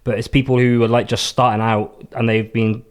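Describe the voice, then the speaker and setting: A man's voice: medium pitch, level tone, fairly quick, smooth. A man hosting a casual podcast chat, who rambles with hesitant restarts and laughs often. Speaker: podcast host.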